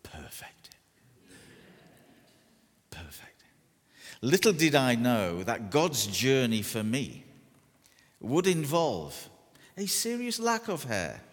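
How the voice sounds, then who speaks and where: A male preacher delivers his sermon at an unhurried pace, leaning on dry, self-mocking humour. His voice sits at an ordinary middle pitch. It carries through a large hall with a long, lingering reverb. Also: very animated. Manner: humorous, self-deprecating storytelling with deliberate pauses.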